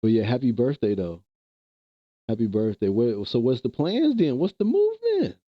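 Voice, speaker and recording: A man's voice: mid-range voice, big pitch swings, normal speed, dry recording, highs cut off. A man streaming live, chatting casually with viewers in loose slang and laughing often.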